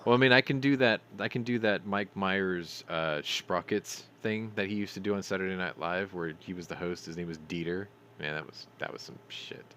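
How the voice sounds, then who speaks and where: A man's voice: sits low, normal speed, few pauses, bright, forceful tone, clean tone. A man hosting a news commentary stream, reading articles aloud and adding sarcastic, profane remarks, stumbling over names.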